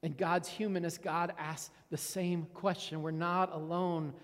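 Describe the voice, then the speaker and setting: A man's voice: on the high side, flat delivery, unhurried, in a large hall. A man giving a sermon as a pastor, earnest and reflective, often repeating words as he stresses a point.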